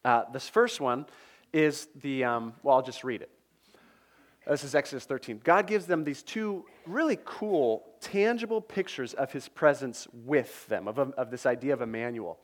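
A pastor with a medium-pitched voice preaches animatedly to a congregation. He speaks the lines of Bible figures in his own voice and drops in quick asides to the listeners.

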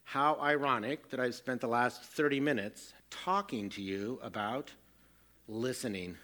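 A man's voice: medium pitch, lively intonation, measured pace, a bit bright. A middle-aged man preaching a sermon, earnest and self-deprecating as he tells stories from family life. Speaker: pastor.

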